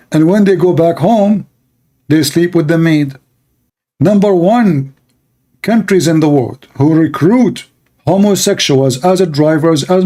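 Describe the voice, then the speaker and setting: A man's voice: a little high, mellow. Scornful, sarcastic middle-aged man. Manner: sarcastic, scornful, rhetorical questions. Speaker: host of an apologetics show. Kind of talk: mocking religious commentary.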